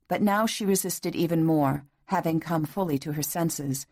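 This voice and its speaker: A woman reading a romance novel aloud in scripted audiobook narration. Her voice sits a little low, and her delivery is soft and intimate. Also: normal speed, dry recording, clean studio sound.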